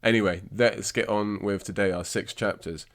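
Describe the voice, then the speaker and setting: With a fairly low pitch, fairly even intonation and a moderate pace, a man from England talks casually about books on his podcast. A congested nose and scratchy throat color his rambling, self-mocking chat.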